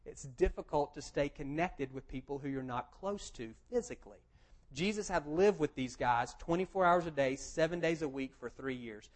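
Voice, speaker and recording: A man's voice: fairly high pitch, moderate pace. A man preaching a sermon, explaining plainly and quoting scripture with emphasis. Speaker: pastor.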